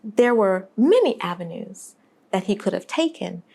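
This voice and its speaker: A woman's voice: mid-range voice, very animated, measured pace, creaky, warm tone, slightly rough. A woman delivering a video essay in an emphatic, sarcastic way, full of rhetorical questions. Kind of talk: animated video essay commentary.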